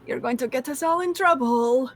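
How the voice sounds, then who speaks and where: A woman voicing a nervous young man in a tabletop game, anxious with a forced, bright greeting. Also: high voice, moderate pace, soft background music. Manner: anxious, then forced cheer.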